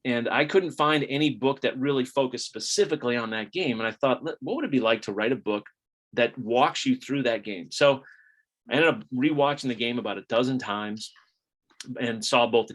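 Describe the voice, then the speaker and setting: A man's voice: medium pitch, normal speed. Chatty middle-aged man on a video call. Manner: conversational, chatty, many restarts. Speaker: author giving a talk. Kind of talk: casual storytelling talk. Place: home, indoors.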